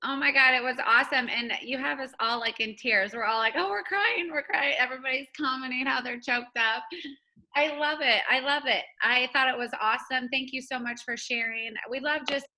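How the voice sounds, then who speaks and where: A woman's voice: high-pitched, fairly even intonation, fairly quick, sharp tone, low-quality recording. A woman hosting an online team call who thanks her guest in an effusive, emotional, gushing way. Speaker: meeting host. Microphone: video call.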